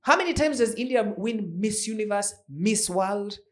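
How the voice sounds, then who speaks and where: A woman's voice: medium pitch, normal speed. A woman in her forties hosts a casual pop-culture news podcast. Her voice swoops up and down a lot as she chats. She keeps firing off rhetorical questions at her listeners. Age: around 40. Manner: chatty, animated, full of rhetorical questions. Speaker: podcast host.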